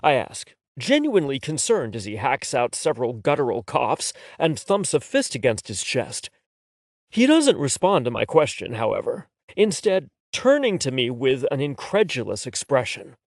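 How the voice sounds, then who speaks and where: A man narrating a romance audiobook in the first person, with a wry, expressive delivery. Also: medium pitch, normal speed, no echo, studio quality.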